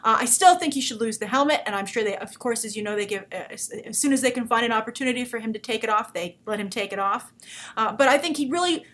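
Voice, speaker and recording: A woman's voice: a little high, fast talker, fairly bright tone. A woman hosting a movie news show, giving chatty, enthusiastic fan opinions. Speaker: host.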